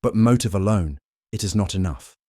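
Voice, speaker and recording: A man performs a fussy elderly Belgian detective in an audiobook mystery. He speaks softly and with precise courtesy. The voice is deep and close, with no room sound. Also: expressive, moderate pace, no room sound. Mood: courtly.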